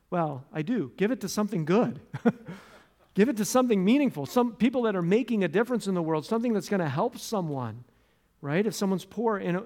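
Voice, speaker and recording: A man from the United States giving a conversational sermon as pastor, with restarts and asides, loud and animated in stories, soft and low in prayer.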